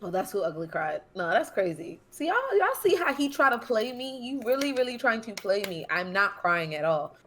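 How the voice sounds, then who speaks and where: A woman's voice: on the high side, sing-song, moderate pace, hardly any pauses, fairly bright tone, soft background music. A young woman co-hosting a podcast in casual chat, playfully denying her co-host's teasing. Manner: playful, defiant denials. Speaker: podcast co-host.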